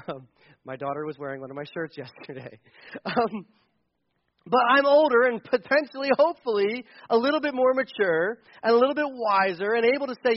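High-voiced man preaching emphatically. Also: lively intonation, moderate pace, muffled recording. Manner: earnest, emphatic preaching with repeated phrases. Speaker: pastor. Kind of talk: sermon.

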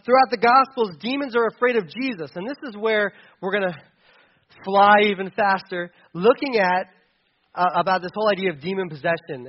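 A man preaching in a loose, conversational way, often stumbling and restarting as he explains. His voice sits fairly high for a man. The sound is dull and lo-fi. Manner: casual, chatty, with many restarts and fillers. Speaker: pastor. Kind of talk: conversational sermon.

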